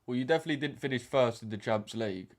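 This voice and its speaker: A man's voice: mid-range voice, racing. A young man chatting casually on a livestream as a trading streamer, bantering in slang with lots of fillers. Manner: laid-back slangy banter with frequent fillers.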